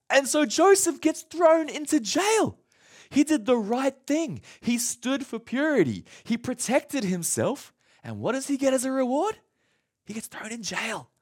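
A man's voice: very high-pitched, measured pace. A male pastor preaching a sermon, retelling a story and acting out scenes. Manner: animated, acts out scenes.

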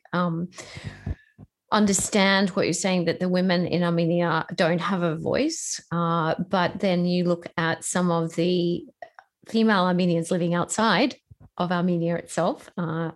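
A woman hosts a conversational interview and asks reflective questions. She backs up her guest with soft murmurs, and her voice sits lower than usual for a woman. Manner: reflective, encouraging with soft affirmations. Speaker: podcast host.

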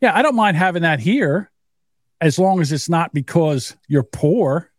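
A man's voice: a little high, lively intonation, unhurried, no echo, clean studio sound. A man in his fifties telling family stories in a casual, profane way and acting out the quotes himself. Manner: storytelling, profane, acts out quotes. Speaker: podcast co-host. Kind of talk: casual chat.

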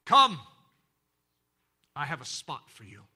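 A man voicing a gentle, loving shepherd king who speaks softly and slowly, almost in a whisper. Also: fairly high pitch, sing-song, husky, voice pushed down, heavily acted. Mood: tender. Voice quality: soft, hushed.

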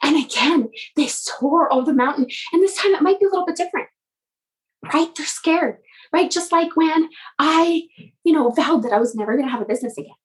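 A woman coach telling a motivational story in an animated way, often repeating her words. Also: sits high, fairly quick, poor audio.

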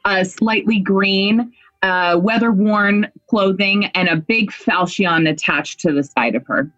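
A woman playing a tabletop game who describes her character cheerfully, pausing often. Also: mid-range voice, a bit bright. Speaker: player character. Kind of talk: tabletop role-play in character. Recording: dull lo-fi audio.

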